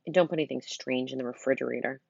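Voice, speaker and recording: A woman's voice: rumbling low, racing, gravelly, breathy edge, no room sound, highs cut off, exaggerated voice. A woman doing a bored, eye-rolling tired mom. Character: tired drama-teacher mom, bored like a teenager.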